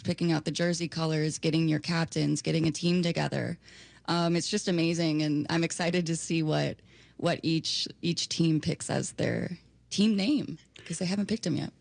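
A woman's voice: deep voice, gravelly, dry recording. A woman co-hosting a casual radio talk, enthusiastic and loose with fillers. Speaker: radio co-host.

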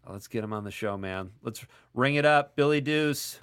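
A man's voice: mid-range voice, normal speed, fairly bright tone, smooth. A man hosting a casual call-in radio show, chatting and joking as he reads listener texts aloud.

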